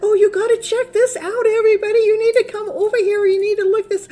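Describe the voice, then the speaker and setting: A woman putting on the voice of a gushing, starstruck partygoer who fawns with squealing excitement. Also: very high-pitched, fast talker, pitched above the performer's own voice.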